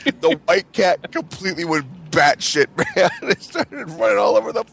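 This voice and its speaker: A man's voice: sits high, sing-song, moderate pace, gravelly, a bit bright. A man telling a story in casual chat, profane and often laughing. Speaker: co-host. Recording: faint background noise.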